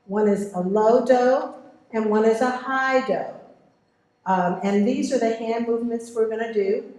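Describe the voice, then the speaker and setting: A woman teaching children a vocal warm-up, encouraging them and demonstrating exercises. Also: medium pitch, roomy sound. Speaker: music teacher.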